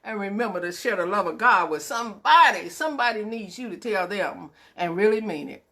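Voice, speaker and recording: A woman's voice: mid-range voice, lively intonation, brisk, sharp tone. A woman hosting her weekly inspirational show, talking in a preacherly way, calling listeners y'all and acting out her talks with God. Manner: preacherly, calls listeners y'all and baby, acts out dialogues with God. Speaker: host of a weekly inspirational broadcast. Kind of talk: spirited faith talk.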